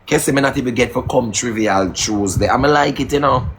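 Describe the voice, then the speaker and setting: A man hosting a casual live stream, teasing his guest in patois and shouting out viewers. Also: medium pitch, fairly quick, slight background noise. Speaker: livestream host.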